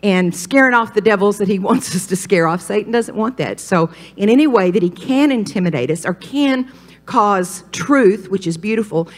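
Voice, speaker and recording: An older woman preaching a sermon at a women's retreat, animated and folksy, jumping up in pitch for emphasis. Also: normal speed. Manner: animated, folksy storytelling with sudden rises in pitch.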